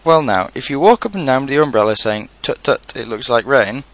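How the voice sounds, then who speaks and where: A man's voice: mid-range voice, lively intonation, fairly quick, a bit bright, voice pushed up. A man voicing an earnest, anxious little bear in a storybook reading, musing and solemn.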